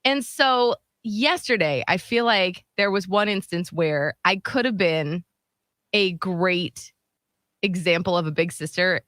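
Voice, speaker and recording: A woman's voice: fairly low pitch, a little slow, no echo, studio quality. A young woman co-hosting a radio show, telling a story in casual chat and acting out the voices in it. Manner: animated storytelling, acts out voices.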